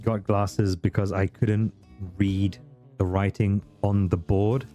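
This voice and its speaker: A man's voice: lowish voice, flat delivery, slow pace, warm tone, faint music behind. A man live-streaming a video game, chatting casually with viewers, swearing often and teasing in mock-grumpy banter. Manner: greets and chats with viewers while playing.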